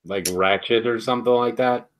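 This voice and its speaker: A man's voice: mid-range voice, fairly even intonation, normal speed. Man chiming in casually. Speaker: podcast co-host. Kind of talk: casual chat.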